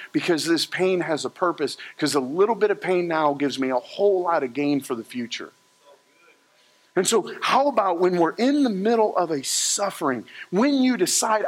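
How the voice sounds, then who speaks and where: Middle-aged guy preaching a sermon, highish voice, jokey and animated, acts out the quotes. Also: brisk. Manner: humorous, animated storytelling with acted-out quotes. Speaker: pastor.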